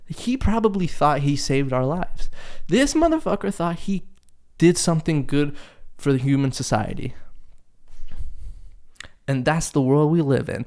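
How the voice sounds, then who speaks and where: A young man holds forth alone on his podcast, his voice leaping around in pitch as he tells the story. He talks casually and curses often, with an exasperated, disbelieving edge. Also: a little slow, long pauses. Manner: animated, profane, exasperated storytelling. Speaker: podcast host. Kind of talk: casual solo podcast rant.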